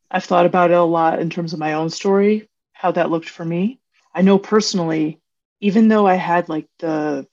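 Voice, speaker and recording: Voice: mid-range voice, a little mellow. A podcast host with a mid-range voice asks curious questions and reflects earnestly. The talk is conversational and thoughtful. The recording sounds dull and lo-fi. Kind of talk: conversational interview.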